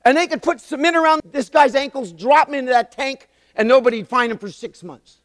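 A man's voice: extremely high pitch, fairly quick, dry recording, clean studio sound, in a large hall. A man in his sixties preaching a sermon, telling stories with emphatic repetition. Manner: animated storytelling, emphatic repetition. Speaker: pastor.

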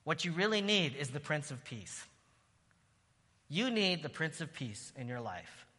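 A man's voice: fairly high pitch, big pitch swings, a little slow, slightly rough. Preaching man in an echoing hall. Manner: rises to loud exclamations of praise. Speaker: pastor. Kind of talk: sermon.

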